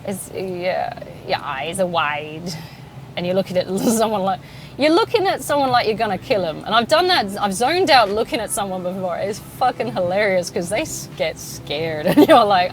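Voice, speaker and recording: A woman's voice: medium pitch, lively intonation, normal speed. A woman in her thirties, a podcast host chatting alone while driving, laughing often, swearing and poking fun at herself. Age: 30s. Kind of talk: casual solo chat while driving. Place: in a car.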